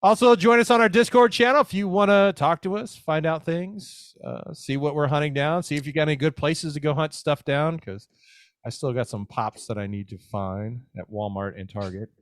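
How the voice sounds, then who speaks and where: A man with a fairly high voice hosts a casual podcast and runs briskly through its plugs. The sound is dry and close. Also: no room sound. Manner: brisk, reads out show plugs. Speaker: podcast host. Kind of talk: casual chat.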